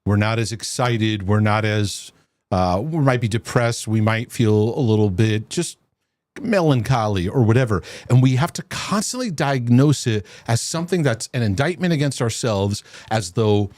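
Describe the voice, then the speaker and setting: Male host, middle pitch, animated conversational delivery, dry sound. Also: moderate pace, dry recording. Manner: animated, repeats words, restarts often. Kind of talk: casual conversation with his wife.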